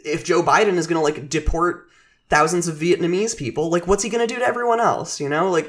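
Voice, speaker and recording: A man co-hosting a political podcast, talking casually in a halting way full of fillers and restarts. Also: on the high side. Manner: halting, filler-heavy, lots of "like". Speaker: podcast co-host.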